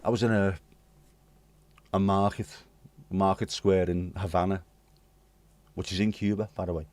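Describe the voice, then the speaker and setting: Deep-voiced British man rambling to chat. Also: flat delivery, moderate pace, a little mellow, no echo. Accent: British English. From United Kingdom. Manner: rambling, cheeky, swearing jokes, reads and answers chat. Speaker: livestream host. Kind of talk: casual chat to live chat readers.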